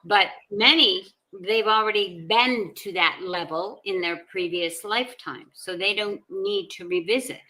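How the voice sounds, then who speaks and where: A woman speaking as a guest on a conversational podcast, explaining her views with calm assurance. Her tone is bright and forward, at a mid pitch for a woman. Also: a little slow, hardly any pauses, rough recording.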